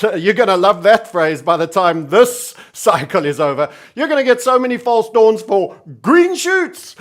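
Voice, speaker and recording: A man hosting energetic market commentary, theatrical and cheery yet sardonic and doom-laden. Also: high voice. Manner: theatrical, energetic and cheery, self-styled entertainer.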